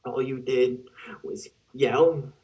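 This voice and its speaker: A man's voice: mid-range voice, fairly even intonation, extremely slow, a little mellow, far from the mic, rough recording. A young man student actor voicing a heartbroken man bitterly confronting the partner who hurt him, in an anguished monologue over a video call. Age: young adult. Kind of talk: dramatic monologue.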